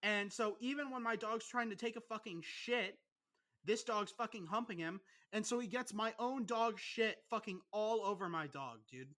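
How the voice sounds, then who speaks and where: A young man co-hosting a podcast, ranting with constant swearing in an animated, aggrieved way. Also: sits high. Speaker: podcast co-host. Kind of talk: casual profane podcast rant.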